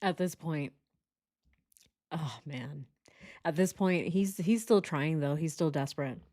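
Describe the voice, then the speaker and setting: A woman's voice: deep voice, a little slow, warm tone. A woman chatting casually and joking as she comments on a true crime video, laughing often.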